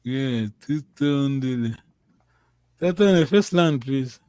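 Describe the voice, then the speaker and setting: A man teaching a language lesson, giving slow, patient and encouraging drills. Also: mid-range voice, a little mellow, dry recording.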